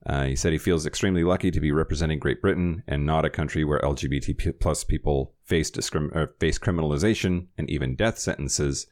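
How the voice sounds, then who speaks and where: Deep-voiced man hosting a news rundown. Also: brisk, few pauses, darkish tone. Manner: reads news items with wry asides and laughs. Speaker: podcast host.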